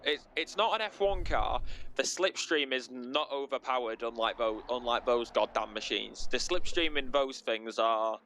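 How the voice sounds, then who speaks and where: A man's voice: mid-range voice, normal speed, slight background noise. A man with a Northern English accent doing casual sim racing co-commentary, chatty and joking. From Northern England. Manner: chatty, joking, lively banter.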